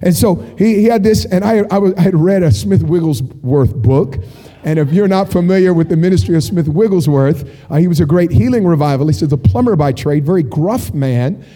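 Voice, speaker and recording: A man preaches with a high, very mellow voice, spinning stories with jokey asides. His words ring out with a long hall reverb behind them. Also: fairly quick. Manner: animated storytelling, jokey asides. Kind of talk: sermon.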